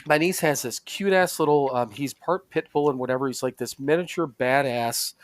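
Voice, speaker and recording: A man's voice: mid-range voice, normal speed, no room sound. A middle-aged man hosting a casual podcast chat, rambling and laughing, with some swearing. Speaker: podcast host.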